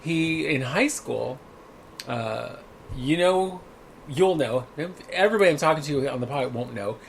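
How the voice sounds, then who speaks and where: A man's voice: mid-range voice, expressive, unhurried, vocal fry, slight background noise, poor audio. A man hosting a casual podcast chat, telling stories in a blunt, profane way. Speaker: podcast host.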